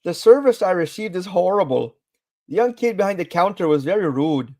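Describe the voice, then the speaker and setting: A man with a high-pitched, lively, slightly mellow voice speaks briskly, reading aloud a bad-service review in the voice of a grumpy woman customer with a put-on accent. His tone is complaining, and there's no room sound.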